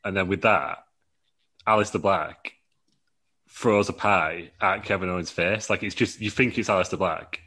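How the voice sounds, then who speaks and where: A man with a fairly low voice, chatting casually on a podcast. He tells a long story in a loose, rambling way, chuckles through it and puts on quick voices for the people in it. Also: pushed and bright. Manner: rambling, laughing, acting out quotes in put-on voices. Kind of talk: casual chat, pitching a wrestling storyline.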